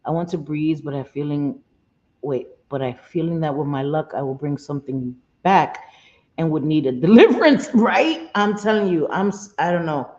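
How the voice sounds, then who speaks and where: A woman's voice: low-pitched, moderate pace, darkish tone. A middle-aged woman chatting casually on a live stream, laughing often, cursing freely and answering her viewers directly. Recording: roomy, slightly dull sound.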